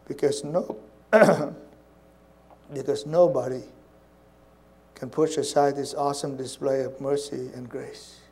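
A man preaching a sermon in an earnest way, repeating phrases and dropping to soft, hushed tones. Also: mid-range voice, low-quality recording.

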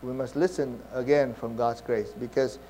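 A man's voice: medium pitch, fairly even intonation, normal speed, dark tone, a little hiss or hum. A man preaching a sermon in an earnest, conversational way, with many fillers and restarts. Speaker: pastor.

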